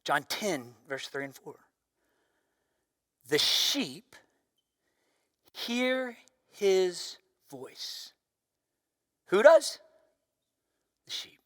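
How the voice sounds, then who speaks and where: High, bright-voiced man preaching a sermon. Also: sing-song, extremely slow, pauses often, dry recording, studio quality, in a large hall. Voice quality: loud voice. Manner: preaches with big swings from loud emphasis to near-whisper. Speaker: pastor.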